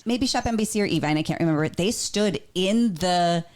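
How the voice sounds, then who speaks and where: A woman's voice: lowish voice, a little fast, darkish tone. A woman hosting a podcast, chatting casually and recalling her shopping TV days. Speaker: podcast host, former shopping TV host. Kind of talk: casual chat.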